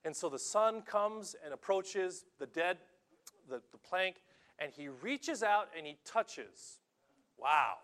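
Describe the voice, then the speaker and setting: A middle-aged male pastor delivers a sermon in a somewhat high voice. He is animated and often stammers, repeating words as he goes. His delivery swings between loud, emphatic bursts and hushed, quiet lines. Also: slow.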